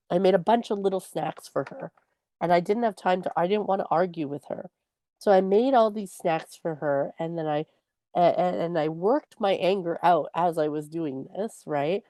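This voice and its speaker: Woman, mellow low voice, dry close sound, earnest storytelling, casual chat. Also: no echo. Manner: earnest storytelling, acts out her own quoted words. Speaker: podcast co-host.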